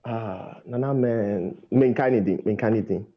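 Husky-voiced man as a quiz contestant. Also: lowish voice, normal speed. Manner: laughing, joking banter. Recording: dull lo-fi sound.

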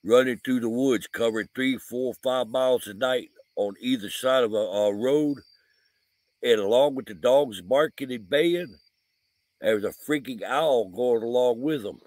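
A man's voice: medium pitch, measured pace, darkish tone, no echo. Rambling man outdoors at night. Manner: rambling, folksy storytelling with frequent fillers. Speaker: vlogger, paranormal investigator. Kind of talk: casual storytelling vlog. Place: outdoors at night by a camper van. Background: crickets and insects.

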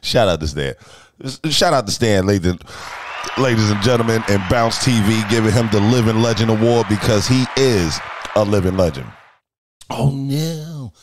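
A man hosting a casual live stream, talking in an animated, profane way that swings from shouts to mutters. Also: on the low side, normal speed, noisy background. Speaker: streamer and host.

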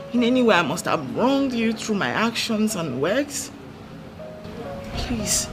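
An actress with a Nigerian accent playing an eldest princess sister who apologizes solemnly. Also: female voice, mid-range voice, lightly acted.

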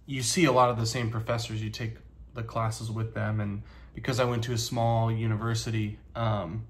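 A man in his thirties talking casually to the camera, halting with many pauses, earnest and grateful. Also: on the low side, flat delivery. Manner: halting, soft-spoken, many ums and pauses. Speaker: vlogger and teacher.

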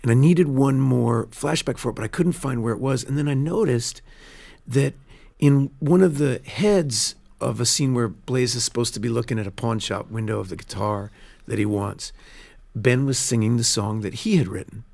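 A man, a film director, telling stories in a casual studio interview, earnest and animated, often restarting his sentences. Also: medium pitch, normal speed, creaky. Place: radio studio.

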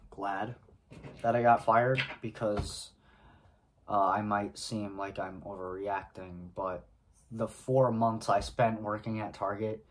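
A man speaks to camera in an unhurried, drawn-out way, as if recounting something that happened to him. His delivery halts and restarts, with pauses and throat clearing between phrases. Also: fairly low pitch. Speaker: vlogger. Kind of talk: casual storytelling to camera.

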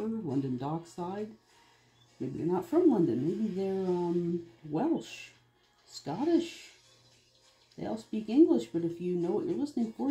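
Man, art video host, casual rambling chat, dark mellow tone, faint music underneath. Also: fairly high pitch. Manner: rambling, chatty, wanders between topics. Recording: roomy echo, faint music behind.

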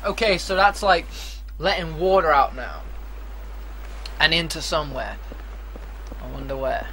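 A man's voice: fairly high pitch, unhurried, sharp tone, a little hiss or hum. A man giving foul-mouthed, rambling commentary while playing a horror game, breaking into screams when startled. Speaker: let's play commentator. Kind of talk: gameplay commentary.

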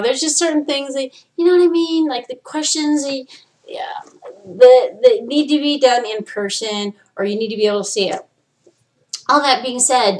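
A woman hosts her own podcast alone, ranting with plenty of swearing. Her voice sits a bit high, and she lurches from loud, exasperated bursts down to low, muttered asides. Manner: animated, profane, swings between loud outbursts and low asides. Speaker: podcast host. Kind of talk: solo ranting monologue.

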